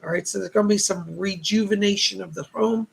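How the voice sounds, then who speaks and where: Gravelly-voiced male psychic medium. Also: high-pitched, steady tone, a little fast, rough recording. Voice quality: gravelly, husky. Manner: relays spirit messages with constant "she said" tags. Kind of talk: live-stream psychic readings.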